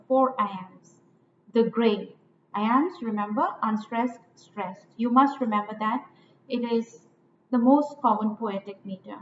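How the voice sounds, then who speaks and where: A woman lecturing on poetic meter, slow and deliberate, repeating lines and stressing each syllable. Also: fairly high pitch. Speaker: literature teacher. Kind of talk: poetry lecture. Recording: echoey, tinny phone-like audio with faint noise.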